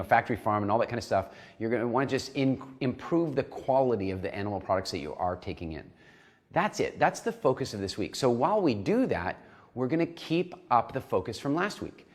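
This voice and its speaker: An animated man coaching a nutrition program in a recorded lesson. His voice sits in an ordinary middle pitch for a man. He acts out small inner dialogues as he explains.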